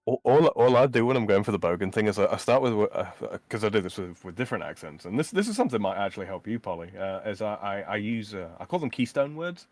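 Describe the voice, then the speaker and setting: Low-voiced halting man on a podcast. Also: big pitch swings, a little mellow, no room sound. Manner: halting, repeats words, swears casually. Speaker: guest. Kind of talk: casual chat about accents.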